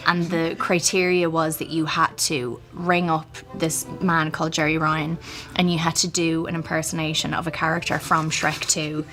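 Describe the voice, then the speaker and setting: A woman, chatting as a guest and telling lively stories with frequent laughter. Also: low voice, moderate pace, music in the background. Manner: animated storyteller, laughs often. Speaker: celebrity guest. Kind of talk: casual chat interview.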